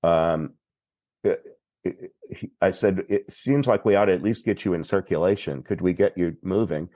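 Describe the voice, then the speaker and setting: A man from Texas, a priest guest on a podcast, telling a story in an unhurried, plainspoken way. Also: deep voice, dark tone, no echo. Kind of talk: recounting a story in conversation.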